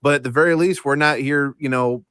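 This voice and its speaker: A man's voice: medium pitch, fairly quick, fairly bright tone, dry recording, studio quality. A man co-hosting a sports radio show, confidently making bold declarations and bets. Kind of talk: casual sports talk debate. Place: radio studio.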